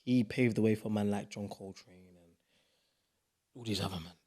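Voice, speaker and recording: A young man, a podcast guest in casual, animated chat. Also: on the low side. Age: young adult. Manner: animated, playful, quick bursts of emphasis.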